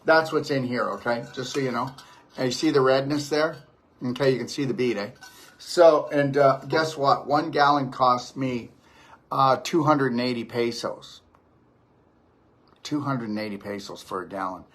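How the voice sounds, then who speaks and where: A man's voice: medium pitch, moderate pace, a bit bright. A man, a detox practitioner, giving an impassioned, preachy monologue to camera and repeating his stock phrases. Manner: emphatic and preachy, repeats "the reality is". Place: home near a beach.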